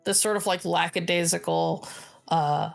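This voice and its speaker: A woman's voice: fairly low pitch, steady tone, unhurried, creaky, faint music behind. A woman narrating a tabletop role-playing game as game master, describing scenes with many fillers.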